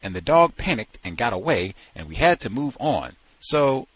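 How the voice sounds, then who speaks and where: A man voicing a relaxed, polite seventy-year-old man with an American Southern accent, louder and higher than his reading voice. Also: moderate pace, husky. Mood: friendly.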